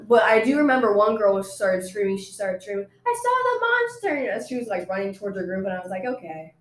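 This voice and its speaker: A woman's voice: mid-range voice, steady tone, fast, roomy sound, rough recording. A young woman chatting casually with a student group, full of fillers and laughing asides. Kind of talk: casual chat.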